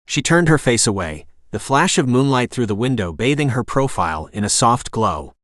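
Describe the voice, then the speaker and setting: A man narrates a romance novel with steady, even delivery. His voice sits at a middling pitch. The recording is dry and close, with no room sound. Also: normal speed, no room sound. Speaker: audiobook narrator. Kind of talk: scripted narration.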